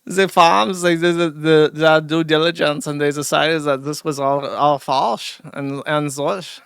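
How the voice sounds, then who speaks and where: A man's voice: fairly high pitch, steady tone, a little slow, gravelly, hardly any pauses, a bit bright, smooth, no room sound, clean studio sound. A male host giving a rambling, sarcastic livestream commentary with frequent restarts.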